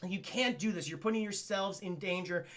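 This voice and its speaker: A man's voice: sits high, normal speed, fairly bright tone. A man voicing an earnest, worried policewoman. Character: worried female police detective pleading.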